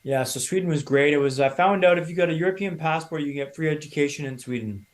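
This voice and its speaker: A man in his thirties from Canada, a podcast guest telling his own story in a lively, casual way and acting out other people's lines. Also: a little high, quick pace. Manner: animated storyteller, acts out quoted voices.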